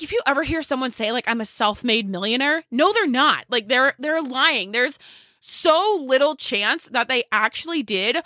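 A woman's voice: on the high side, bright, forceful tone, no echo, studio quality. A young adult woman hosting a solo podcast, talking in an upbeat, chatty way with lots of "like" fillers. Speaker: podcast host.

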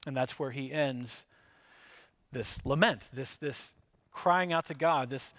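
A man preaching a reflective sermon, reading psalm verses aloud slowly and earnestly between plain explanations. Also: medium pitch, fairly bright tone, dry recording. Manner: reflective, earnest, reads scripture aloud with slow emphasis. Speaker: pastor.

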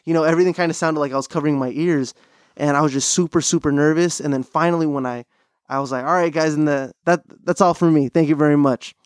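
A man's voice: fairly high pitch, fast, smooth, dry recording, studio quality. A young man hosting a podcast, telling stories in casual chat with lots of fillers and restarts. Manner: animated storytelling, full of fillers and restarts. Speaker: podcast host.

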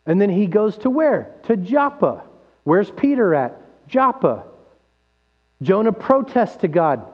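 Man, pastor, sermon, high voice, animated, rhetorical questions, dull lo-fi recording, mains hum. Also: a little slow, slightly rough. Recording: dull lo-fi sound with long hall reverb and mains hum.

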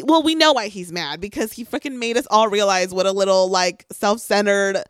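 A woman recapping a reality show in casual chat, excited and gossipy, swearing often and filling with "like". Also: mid-range voice, no echo, clean studio sound.

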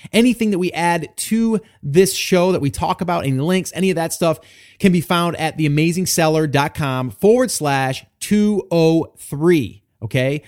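Man, somewhat high voice, casual podcast host, encouraging, loose and chatty, thinks aloud. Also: darkish tone. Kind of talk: solo podcast talk, reading a listener post.

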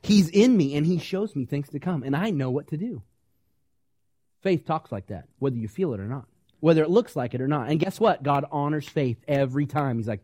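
High-voiced preacher, dry sound. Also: male voice, brisk, no room sound. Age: young adult or middle-aged, parent of small kids. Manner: animated preaching, acting out quoted voices, asking the congregation questions. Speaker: pastor. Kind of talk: sermon.

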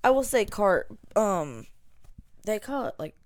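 A woman's voice: medium pitch, very animated, measured pace, a little mellow, no echo, studio quality. Chatty Southern woman co-host. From American South. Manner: chatty, rambling, uses lots of fillers. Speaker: podcast co-host. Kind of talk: casual chat.

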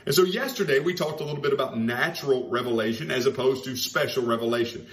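A man preaching a sermon, stressing key phrases by slowing down and repeating them. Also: medium pitch. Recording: roomy echo.

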